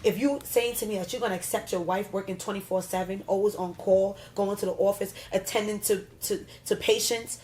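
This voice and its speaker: A woman's voice: mid-range voice, fairly even intonation, fairly quick, few pauses, a little mellow, a little hiss or hum. Blunt, outspoken woman in a podcast debate. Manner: blunt, teasing, swears freely. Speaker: podcast guest. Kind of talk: heated casual debate.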